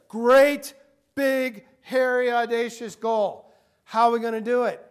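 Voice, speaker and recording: A middle-aged man giving an energetic motivational talk to a university group, acting out quotes as he goes. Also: very high-pitched, a little slow, clear, resonant tone. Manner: energetic, animated, acts out quotes. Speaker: guest speaker. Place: university meeting room.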